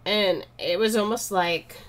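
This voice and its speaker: Slow-talking woman, chatty. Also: medium pitch. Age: adult, married. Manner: rambling, storytelling, laughs often. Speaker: art vlogger. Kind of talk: casual chat while drawing.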